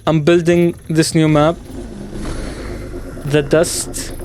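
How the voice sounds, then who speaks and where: A man's voice: on the high side, flat delivery, drawn-out words, a little mellow, slight background noise. A man hosting a gaming channel, talking over his gameplay in a reflective, musing way, with the odd playful exclamation.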